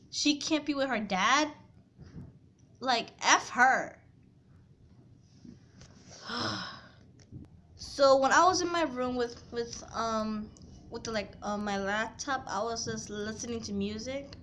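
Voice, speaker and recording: Upset young woman ranting, slow talker. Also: a little high. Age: young adult. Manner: rambling, upset, swings from quiet to loud and angry. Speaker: vlogger telling a personal story. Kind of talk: casual storytime.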